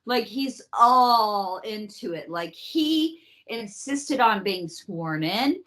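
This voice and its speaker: A woman with a medium-pitched voice takes her time while hosting a podcast, recounting history in a casual, profane, joking style. Her storytelling is animated and full of mock voices, making it a comedic history chat.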